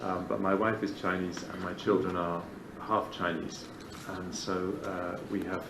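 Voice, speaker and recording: Deep-voiced politician in echoey room. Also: male voice, flat delivery, background noise. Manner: halting, many 'uh's. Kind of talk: formal public remarks.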